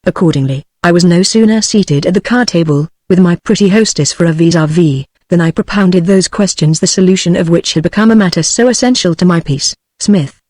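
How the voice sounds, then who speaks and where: A woman's voice: fairly low pitch, brisk, hardly any pauses, dry recording. Synthetic British woman reading an audiobook. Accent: British English. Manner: even synthetic reading, reads punctuation aloud. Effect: text-to-speech voice. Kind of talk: scripted audiobook narration.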